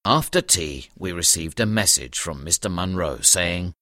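Narrator companion read by a man, very deep and lively, dry audiobook. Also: a little slow, no room sound, exaggerated voice. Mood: narrating. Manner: expressive storytelling narration. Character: detective's companion narrating the story.

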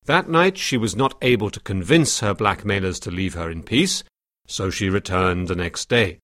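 An actor playing a detective who calmly lays out his theory of a case in an audiobook drama. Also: low voice, dry recording, clean studio sound. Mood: explaining. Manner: measured, explanatory. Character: calm, reasoning detective explaining a theory.

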